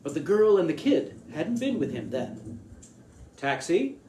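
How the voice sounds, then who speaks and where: A man's voice: fairly high pitch, sing-song, moderate pace, warm tone. Man reading a story in an echoey room. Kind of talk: reading a short story aloud. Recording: echoey room with faint hiss.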